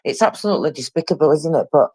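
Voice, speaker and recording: A man's voice: on the high side, animated, very fast, darkish tone, dry recording. Stammering man on a live chat. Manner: stammering, at a loss for words. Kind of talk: casual chat.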